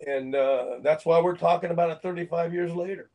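A man's voice: a little high, brisk, darkish tone, poor audio. An older man from Phoenix, an actor, telling a story in an interview, acting out quotes and laughing between lines. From Phoenix, Arizona, USA. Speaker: actor and guest.

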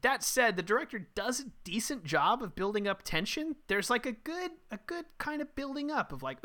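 A man's voice: very high-pitched, very animated, moderate pace, hardly any pauses, bright, forceful tone. A man co-hosting a casual movie review podcast, ranting bluntly and profanely. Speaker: podcast co-host.

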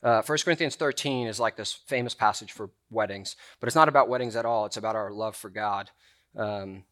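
Bright-voiced young man preaching casually. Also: on the low side, a little fast. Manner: casual, chatty, heavy use of filler words. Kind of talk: sermon with personal storytelling. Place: church meeting room.

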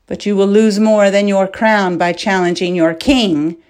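A woman's voice: medium pitch, fairly even intonation, unhurried, a little mellow, natural voice. A woman reading a novel aloud, voicing an indignant male king who declaims accusations to a crowd. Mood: declaiming.

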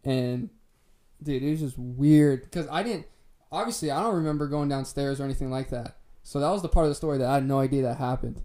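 A man's voice: mid-range voice, a little fast, dark tone. A young man casually telling a long story to friends, laid-back and swearing freely with plenty of "like" fillers. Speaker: podcast co-host telling a story.

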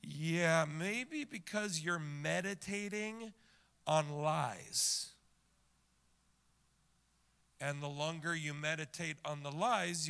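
A man preaching a sermon to his congregation, repeating lines again and again and swinging from loud shouts to hushed whispers, with quick asides to the room. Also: a little high, creaky, clean tone. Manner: talks straight to the congregation with quick asides and questions. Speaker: pastor.

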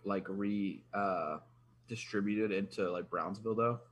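Co-host: low male voice, rambling, faint room hiss behind. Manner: rambling, halting restarts. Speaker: podcast co-host. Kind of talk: casual chat.

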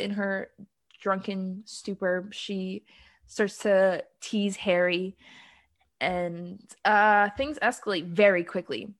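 Woman, co-host, casual recap chat, unhurried, laughs a lot, fillers. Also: mid-range voice, a bit bright. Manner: laughs often, many ums. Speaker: podcast co-host.

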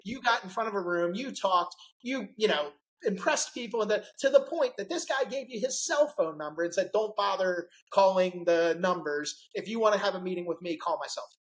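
A middle-aged man hosting a podcast, telling a story in a lively, animated way and acting out the people he quotes. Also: sits high, brisk, poor audio. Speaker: podcast host. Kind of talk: casual interview storytelling.

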